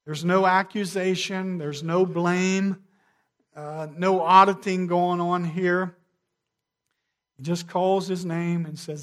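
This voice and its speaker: A man preaching a sermon, measured, sinking to a quiet hush on key phrases. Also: sits high. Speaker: pastor.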